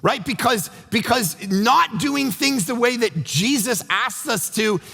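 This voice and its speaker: A middle-aged man preaching a sermon as pastor, animated and acting out quotes in voices. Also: very high voice, a little slow, vocal fry, breathy edge, long reverb tail. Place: church sanctuary.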